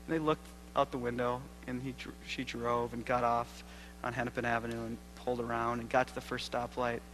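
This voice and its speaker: A man who is a seminary professor gives a keynote address at a church convocation. He tells stories and closes with a prayer, speaking earnestly and moving between loud emphasis and hushed, intimate passages. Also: mid-range voice, little pitch movement, fairly quick, slight background noise, low-quality recording. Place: lecture hall at a church convocation.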